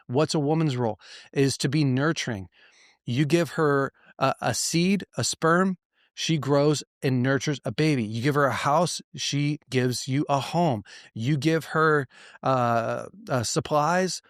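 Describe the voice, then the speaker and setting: A man's voice: on the high side, no echo, studio quality. A man in his thirties or forties, a pastor hosting a podcast, talking straight to listeners in an earnest, emphatic way with rhetorical questions and frequent restarts. His voice can sound a little choked, as if near tears. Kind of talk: direct-to-listener podcast teaching.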